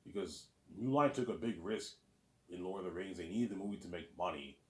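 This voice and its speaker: A man's voice: low-pitched, brisk, roomy sound. A man hosting his own listening series, rambling in a casual, boastful monologue and often repeating words as he restarts.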